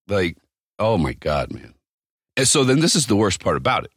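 A man co-hosting a podcast, telling stories in a profane, animated casual chat. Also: low-pitched, normal speed, husky, no echo, studio quality. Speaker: podcast co-host.

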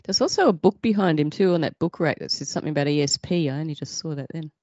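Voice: medium pitch, fast talker, darkish tone, no echo. A guest on a podcast, chatting casually about a film and pointing out small details in its scenes. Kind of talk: casual movie review chat. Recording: dry, muffled podcast audio.

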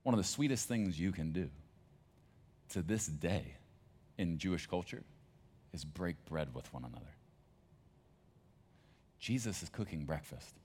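A male pastor with a very deep, low voice delivers a sermon. He talks in a conversational, emphatic way, like telling a story to his congregation. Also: lively intonation, a little slow, pauses often, darkish tone, husky.

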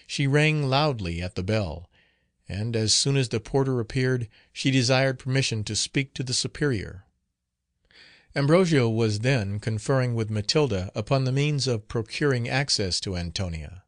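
A man narrating a gothic novel as an audiobook, reading in a measured, solemn manner. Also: medium pitch, lively intonation, no echo, studio quality.

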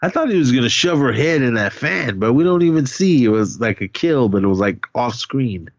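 A man with a medium-pitched, brisk voice casually recaps a film on a podcast, rambling and acting out the characters' cries and curses with voiced reactions. It's casual chat, recorded lo-fi with no room sound.

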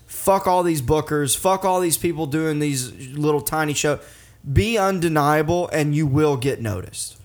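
A man's voice: on the high side, moderate pace. A male podcast host in casual conversation, swearing easily and encouraging his guest.

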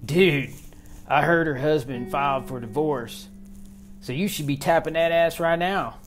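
Crude, wisecracking buddy type, read by a male narrator, pitched up and pushy, audiobook. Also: unhurried, soft background music, lightly acted. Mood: teasing. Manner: crass, teasing, egging on.

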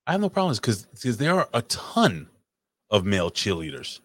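A man's voice: fairly low pitch, huge pitch swings, moderate pace, a bit bright. A man hosting a casual chat over a remote call, blunt, profane and teasing. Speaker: podcast host.

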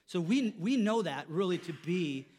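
A man preaching a sermon, telling a story, his voice dropping soft for quotes and rising when he stresses a point. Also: animated, normal speed. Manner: storytelling, voice drops low for quoted lines and rises when emphatic. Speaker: pastor.

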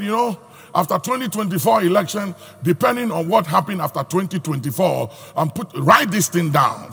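A pastor preaching a sermon with a raspy voice, rising into shouts and sung phrases. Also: male voice, fairly high pitch. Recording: hall reverb with faint music.

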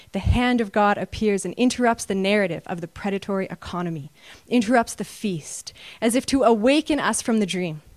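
A woman's voice: mid-range voice, a little mellow, no room sound. Earnest woman preaching a sermon. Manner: earnest, builds to emphatic peaks. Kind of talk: sermon with slides.

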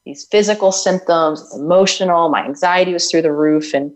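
A woman's voice: fairly low pitch, fairly quick, poor audio. A woman speaking as an interview guest, earnest and reflective, with frequent fillers as she tells her story. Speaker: guest, self-healing author. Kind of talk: conversational interview.

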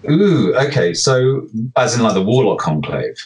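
A man's voice: mid-range voice, very animated, a little slow, a little mellow. A man co-hosting a casual podcast chat about tabletop game rules, rambling and correcting himself as he jokes. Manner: rambling, self-correcting, jokey. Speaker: podcast co-host.

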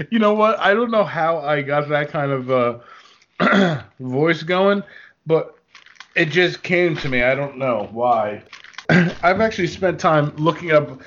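A man's voice: a little high, animated, slow pace, fairly bright tone, highs cut off. A man co-hosting a podcast, joking and playful in casual comedy banter, fond of odd words. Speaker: podcast co-host.

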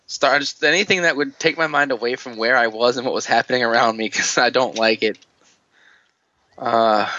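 A man's voice: mid-range voice, bright, forceful tone, dry recording, lo-fi sound. A man hosting a casual podcast chat, rambling, swearing and often laughing.

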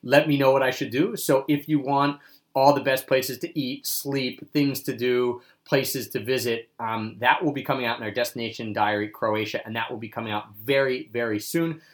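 A man's voice: medium pitch, steady tone, moderate pace. Upbeat man co-hosting a travel podcast. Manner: upbeat, reads sponsor plugs and sign-off. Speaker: podcast co-host. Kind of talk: casual travel podcast chat.

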